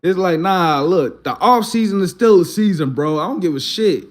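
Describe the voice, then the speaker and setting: An Eagles fan vents after his team's loss in a casual, profane monologue that keeps circling back on itself. His voice sits high and expressive, and he talks at a normal speed, clearly upset and worked up.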